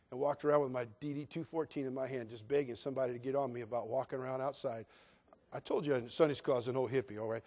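An older man from California, a pastor preaching a sermon in an earnest, direct way and addressing his listeners as friends. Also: mid-range voice.

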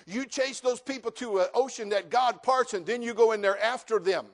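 An older male pastor with a notably high voice delivers a sermon at a moderate pace, telling homey stories and teasing the crowd with playful jabs. His folksy, joking asides and quiet, easy banter swing into loud, emphatic preaching.

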